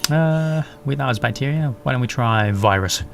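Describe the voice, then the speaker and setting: A young English man with a mid-range, slightly creaky voice chats animatedly at a normal pace while playing a game, rambling, swearing and mocking himself. He's a gaming YouTuber recording casual let's play commentary at home in the English countryside, with a faint hiss or hum on the audio.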